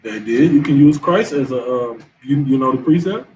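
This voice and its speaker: A man's voice: medium pitch, animated, moderate pace, a little mellow, slight background noise. Male class leader, punchy street-casual preaching, recorded at a distance. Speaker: class teacher. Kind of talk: scripture class discussion.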